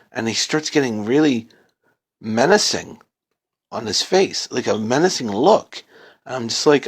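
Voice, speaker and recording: A man's voice: mid-range voice, big pitch swings, unhurried, long pauses, breathy edge. A man telling a first-person creepypasta horror story in a casual, profane, dramatic way.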